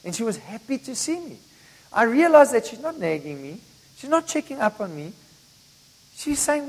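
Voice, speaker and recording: A middle-aged man preaches to his congregation in a relaxed, conversational way, mixing personal stories into the message. His voice sits high for a man. The sound carries the long reverb of a church hall. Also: normal speed, husky. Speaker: pastor. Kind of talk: sermon.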